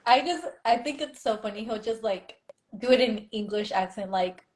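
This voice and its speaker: A young woman chatting casually as a guest, telling animated stories and slipping between English and Spanish. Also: fairly high pitch, normal speed, slight background noise, low-quality recording. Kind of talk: casual chat.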